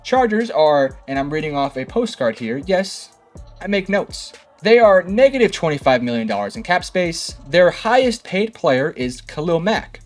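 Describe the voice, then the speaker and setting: A man's voice: fairly high pitch, very animated, normal speed, soft background music. A young man hosting a sports analysis video, talking in a sarcastic, heated way and firing rhetorical questions at fans. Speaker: sports commentary host. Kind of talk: opinionated sports analysis monologue.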